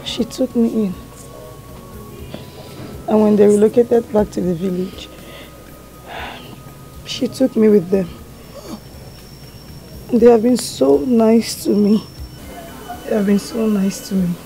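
A young actress with a Nigerian accent playing an orphaned girl who pleads softly and tearfully. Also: medium pitch, slow pace, gravelly, long pauses. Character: young orphan woman begging forgiveness. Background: film score music.

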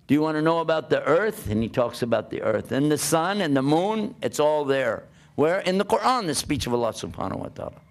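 Gravelly older American preacher. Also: male voice, on the high side, brisk, few pauses. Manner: animated storytelling with rhetorical questions. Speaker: Islamic preacher. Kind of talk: conversational sermon.

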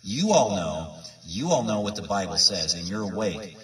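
A man's voice: deep voice, sing-song, moderate pace, fairly bright tone, distant mic. A man preaching informally to his viewers, emphatic and repetitive, full of rhetorical questions. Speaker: independent Bible teacher.

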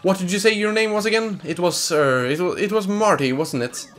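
A man's voice: high voice, brisk, a bit bright, faint music behind, pitched above the performer's own voice. A Swedish man voicing a cranky, bossy old female tree elder from a game, reading her lines aloud in English. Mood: scolding. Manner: bossy, scolding, grumbling.

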